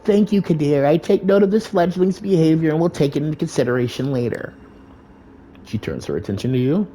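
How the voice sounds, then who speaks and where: A man's voice: fairly high pitch, lively intonation, a little fast, warm tone, a little hiss or hum, voice pushed up, natural voice. A man voicing a commanding female vampire prince in a game, formal and imperious. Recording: faint music behind.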